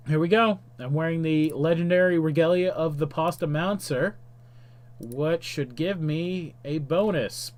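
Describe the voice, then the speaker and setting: A male streamer reading game text aloud with casual asides, often stumbling and correcting himself. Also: fairly high pitch.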